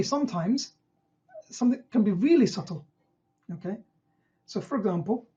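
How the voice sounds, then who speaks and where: GP trainer, online teaching session, rhetorical questions, acts out patient lines, mid pitch, muffled lo-fi sound. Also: dark tone.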